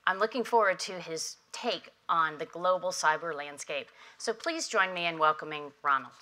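A woman delivering prepared opening remarks at a conference, measured and emphatic, at a podium microphone. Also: on the low side, sharp tone, a little hiss or hum. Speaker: industry association head giving opening remarks. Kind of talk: prepared keynote speech. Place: conference hall.

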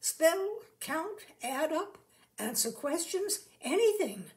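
A woman's voice: very high-pitched, sing-song, slow, voice pushed up, heavily acted. A woman voicing a shy, polite young man who travels as a showman, speaking in rustic, folksy turns of phrase.

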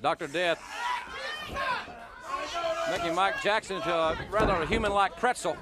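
A man's voice: high voice, normal speed. A man giving folksy, rambling color commentary on a wrestling match. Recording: loud noisy broadcast with crowd.

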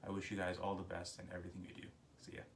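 A man's voice: low-pitched, completely flat delivery, very fast, creaky. A young man, a musician, earnestly encouraging young viewers to pursue music, with frequent ums and restarts. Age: young adult. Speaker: sitar musician. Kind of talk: closing talk to young viewers. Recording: roomy, distant mic.

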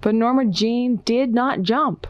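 A woman reading a children's picture book aloud with an expressive, lilting storybook delivery. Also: on the high side, a little slow, dry recording, lo-fi sound.

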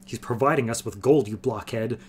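A man's voice: medium pitch, a little fast, slight background noise, natural voice. A man voicing a scornful, hot-tempered young male noble in a fantasy audiobook reading. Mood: agitated. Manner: scornful, raging.

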